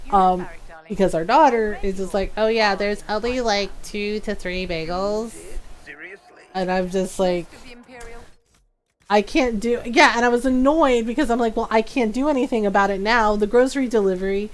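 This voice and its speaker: A middle-aged woman streaming a game, chatting casually and telling an animated story, laughing often and acting out what people said. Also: mid-range voice, normal speed. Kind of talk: casual chat while gaming.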